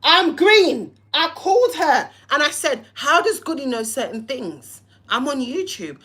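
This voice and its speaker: A woman's voice: high-pitched, lively intonation, normal speed, fairly bright tone. A young woman, hosting a livestream and heatedly telling a story, cussing and acting out both sides of phone calls. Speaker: live-stream host.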